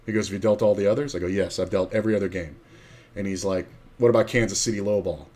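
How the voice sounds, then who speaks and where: A man's voice: fairly low pitch, fast talker, darkish tone. A middle-aged man who streams, telling casual, rambling poker stories with plenty of swearing and acted-out quotes.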